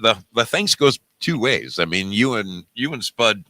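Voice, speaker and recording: A man's voice: lowish voice, very animated, measured pace, dry recording. A man hosting a live call-in show, effusive and full of laughter, thanking a caller. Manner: effusive, warm-hearted, laughing. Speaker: host.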